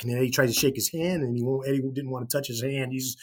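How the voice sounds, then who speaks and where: Husky-voiced man telling a rock story. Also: medium pitch, a little fast. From Chicago, USA. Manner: animated, swears casually, restarts often. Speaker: podcast guest, rock musician. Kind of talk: anecdotal storytelling.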